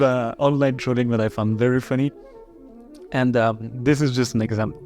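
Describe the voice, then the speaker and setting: A man's voice: medium pitch, steady tone, normal speed, darkish tone, faint music behind. A man with a French accent, a marketing chief, explaining his project in a casual podcast, with many fillers and restarts.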